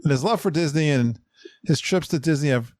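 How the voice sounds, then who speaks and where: A man's voice: on the high side, a little fast, darkish tone, dry recording, studio quality. A man hosting a podcast, chatting in an upbeat way and laughing often. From Connecticut, USA. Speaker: podcast host. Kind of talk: casual podcast chat.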